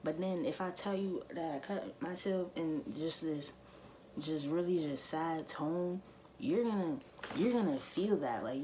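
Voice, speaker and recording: A woman's voice: low-pitched, dark tone, slight background noise. A woman vlogger in a casual to-camera monologue, speaking emphatically and repeating her points straight to her viewers.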